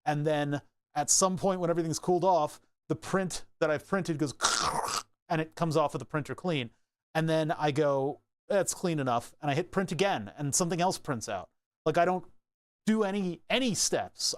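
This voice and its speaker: A young maker streams from his workbench, chatting casually at a moderate pace in a high-ish, lively voice while he tinkers. He rambles and laughs at himself, with no room sound in the audio.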